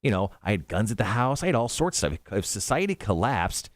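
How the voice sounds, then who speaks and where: A man's voice: on the low side, very animated, brisk, no echo. A man hosting a morning radio show at a studio mic, joking and rambling playfully.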